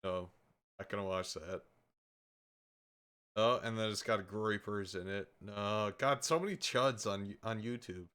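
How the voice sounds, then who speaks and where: A man's voice: on the low side, measured pace, pauses often, a bit bright, clear, resonant tone. A man streaming live, commenting casually on videos as he watches, rambling and tripping over his words with sarcastic asides. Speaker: streamer host.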